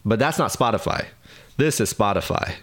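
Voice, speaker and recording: A young man co-hosting a podcast in casual chat, playful and quick to pun and laugh. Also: fairly low pitch, lively intonation, a bit bright. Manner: playful, punning, laughs often. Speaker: podcast co-host.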